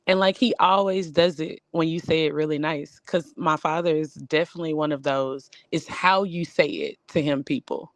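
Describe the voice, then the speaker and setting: A woman with a Southern US accent co-hosting a casual barbershop-style chat, talking in a loose, animated way full of fillers. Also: low voice, normal speed, few pauses, no echo. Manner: animated, drawling, lots of fillers. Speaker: podcast co-host.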